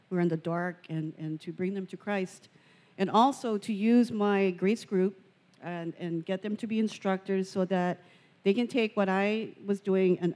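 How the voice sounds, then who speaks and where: A woman's voice: fairly low pitch, a little mellow. Earnest woman giving church testimony. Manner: earnest, halting with repeated words. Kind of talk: personal testimony.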